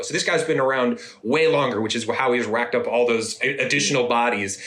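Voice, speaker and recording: Podcast co-host, male, bright forceful tone, laid-back storyteller, echoey room. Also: mid-range voice, animated, normal speed, few pauses. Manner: laid-back storytelling, acts out characters' lines. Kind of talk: casual chat recapping anime episodes. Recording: roomy echo.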